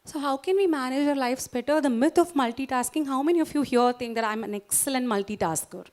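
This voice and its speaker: A woman speaker with an Indian English accent and a fairly high voice leads a motivational talk. She coaxes her listeners along, keeps asking them questions and walks them gently through a calming exercise. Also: fast talker. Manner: warm, coaxing, interactive, asks the audience questions. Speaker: guest speaker at a doctors' society. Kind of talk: motivational lecture with guided exercise.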